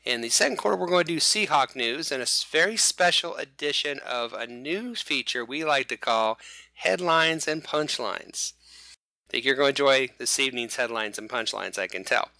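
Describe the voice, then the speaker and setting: A man's voice: medium pitch, lively intonation, a little fast, creaky, hardly any pauses, pushed and bright, no room sound. A man hosting a casual fan podcast, talking in a rambling, jokey way and often restarting his sentences. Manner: rambling, jokey, self-correcting. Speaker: host.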